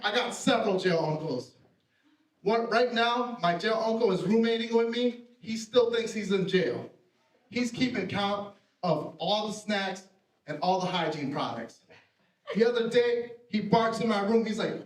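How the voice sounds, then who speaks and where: A man's voice: sits high, measured pace. A man doing a live stand-up set, brash and profane, with self-mocking punchlines. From Puerto Rican family. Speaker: stand-up comedian. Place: theater stage with live audience. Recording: roomy theater sound from a distance.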